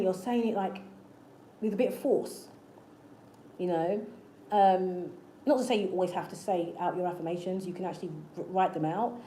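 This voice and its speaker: A woman's voice: mid-range voice, dark tone, a little hiss or hum. A woman hosting her own channel, talking casually and earnestly to her viewers, coaching them in a repetitive, encouraging way. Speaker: manifestation channel host. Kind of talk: casual motivational talk to camera. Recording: echoey room with faint ambience.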